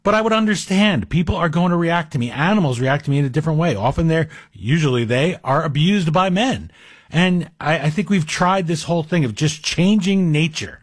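Male radio guest host, rambling and self-mocking, fairly high voice, dry close sound. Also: animated, fairly quick, breathy edge, dry recording. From Greek heritage. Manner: chatty, self-deprecating, digressive. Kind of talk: talk radio monologue.

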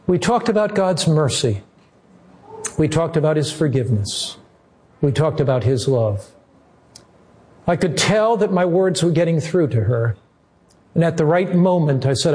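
A male pastor preaching a sermon in an earnest, measured way, slowing down for emphasis. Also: a little high, animated, a little mellow.

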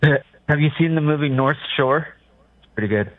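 A man's voice: fairly high pitch, moderate pace, no echo. A man calling in to a sports radio show, talking in a rambling, hesitant way. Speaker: caller. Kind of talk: call-in radio chat. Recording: dry tinny phone line.

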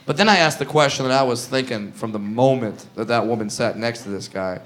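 A man's voice: medium pitch, a little fast, a bit bright. A man doing a crude, brash stand-up comedy set on a stage, acting out bits of dialogue. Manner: brash, crude, builds jokes with acted-out dialogue. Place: comedy stage with live audience.

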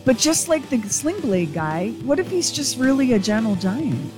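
A woman radio co-host talking in an enthusiastic, rambling way, her voice pitched a little high. She moves through her thoughts with lively swings in pitch, over a broadcast with music playing behind her. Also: moderate pace. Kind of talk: morning radio banter.

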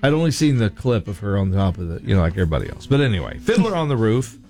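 Lively, chatty male radio host. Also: fairly low pitch, very fast, faint music behind. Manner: playful, chatty, jokey. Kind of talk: casual radio interview. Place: radio studio.

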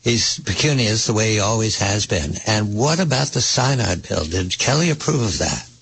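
A man's voice: fairly low pitch, lively intonation, moderate pace, gravelly, fairly bright tone, slight background noise, poor audio. A man hosting a radio interview, asking leading questions in a conversational way. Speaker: radio host.

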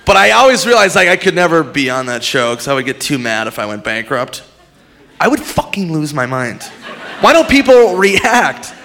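A man's voice: a little high, big pitch swings, moderate pace, sharp tone. A man doing a stand-up set, rambling loosely and swearing often. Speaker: stand-up comedian.

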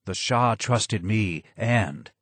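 A man putting on a broken, disfigured older man in a storybook reading, with a low hoarse voice and a slow, grave, bitterly wry way of speaking. The sound is dry and close. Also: animated, dry recording, full character voice. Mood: somber. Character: broken, disfigured older man, hidden former royal advisor.

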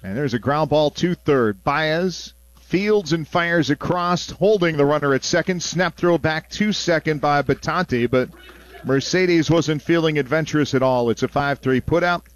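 A male play-by-play announcer on a baseball radio broadcast, his voice sitting slightly high. The sound is close and dry, straight into a booth microphone. He shifts easily between calling pitches and relaxed, chatty asides. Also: unhurried, dry recording.

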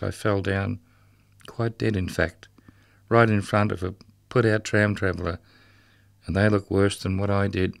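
Guy reading as a bitter mocking ghost of a drunk murdered guard, low gravelly voice, sing-song rhythm, dry sound. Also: no room sound. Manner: rhythmic, incantatory delivery. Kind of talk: reading a dramatic monologue aloud.

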